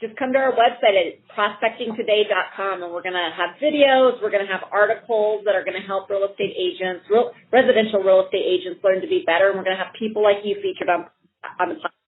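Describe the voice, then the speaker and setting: Brief: female podcast host, mid-pitched, tinny line with faint background hiss. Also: quick pace. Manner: brief encouraging interjections. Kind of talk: podcast interview.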